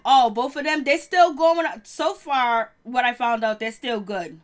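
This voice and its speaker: A woman with a fairly high voice recaps reality TV gossip in a loose, chatty way. She laughs often and trails off mid-thought before picking the thread back up. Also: measured pace, few pauses.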